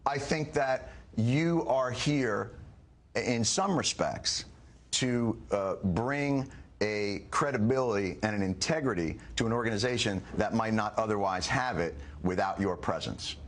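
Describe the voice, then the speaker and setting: A middle-aged comedian arguing emphatically in a heated television interview, firing back quick rebuttals. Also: male voice, fairly low pitch. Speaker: comedian and guest.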